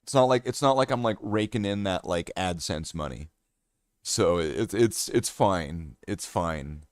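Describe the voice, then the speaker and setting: A man's voice: deep voice, animated, unhurried, dry recording, studio quality. A man chatting casually on a hobby live stream, rambling and joking at himself with many fillers and restarts. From Canada.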